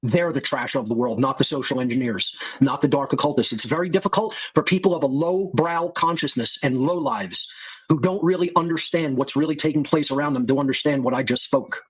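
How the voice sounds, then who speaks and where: A male podcast host with a medium-pitched, breathy-edged voice speaks briskly. He lectures his listeners in a heated, contemptuous rant packed with insults and profanity.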